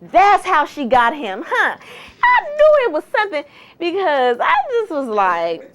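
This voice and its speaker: A woman's voice: high voice, sing-song, a little slow. A woman hosting a casual gossip vlog, chatty and sassy, with slangy, exclamatory asides. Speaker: entertainment gossip host.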